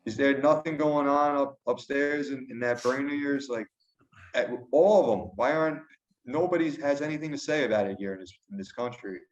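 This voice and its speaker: A man co-hosting a podcast remotely, talking indignantly and often repeating himself. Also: mid-range voice. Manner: indignant, repetitive restarts. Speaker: podcast co-host. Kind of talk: casual chat. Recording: roomy, dull remote line.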